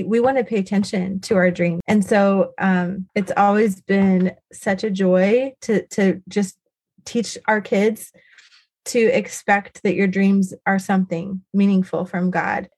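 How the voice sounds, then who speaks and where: A woman's voice: medium pitch, darkish tone. A woman in her thirties, a podcast guest, talking casually about her faith and her kids, rambling with lots of "like" and "you know".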